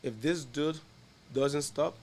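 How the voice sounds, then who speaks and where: Animated man telling stories on a podcast. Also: fairly high pitch, takes it slowly. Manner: animated storyteller, laughs through the punchlines. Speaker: guest, insurance agent. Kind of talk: casual podcast storytelling.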